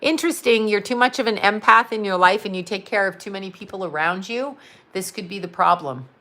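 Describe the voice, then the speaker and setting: A bright-voiced woman talks loosely on a live stream from home. She rambles, laughs a lot and swears with blunt, unfiltered energy. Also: medium pitch, brisk. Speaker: psychic and astrologer answering live chat. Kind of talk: casual live-stream chat.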